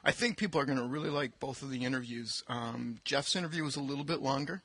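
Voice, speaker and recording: A man's voice: medium pitch, fast, bright, forceful tone, husky, dry recording. A man co-hosting an education podcast, talking casually and chattily with plenty of ums. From Michigan, US. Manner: chatty, self-deprecating, fillers. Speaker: podcast co-host, school administrator. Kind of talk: casual chat. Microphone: desk microphone.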